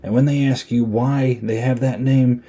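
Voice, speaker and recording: A man voicing an eager young male soldier buddy giving a big pep talk, his voice pitched a bit higher than his own. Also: steady tone, normal speed, mellow, husky, close to an everyday voice. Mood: pumped up.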